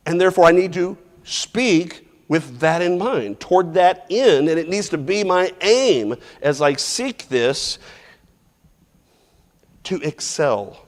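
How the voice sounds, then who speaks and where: Male Bible class teacher, slightly high voice, casual verse-by-verse delivery, long church-hall reverb. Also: lively intonation, slow pace. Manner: informal, restarts phrases, asks the class questions and chuckles.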